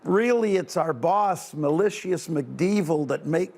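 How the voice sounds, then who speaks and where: Easygoing young male woodsman, plain and matter-of-fact, lively pitch, voiced by a male storyteller. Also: slow, vocal fry, full character voice. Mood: explaining.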